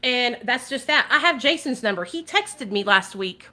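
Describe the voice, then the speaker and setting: A woman's voice: fairly high pitch, expressive, normal speed, bright, forceful tone. A woman vlogger talking casually and animatedly to her viewers, swearing freely and addressing them directly. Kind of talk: casual livestream commentary.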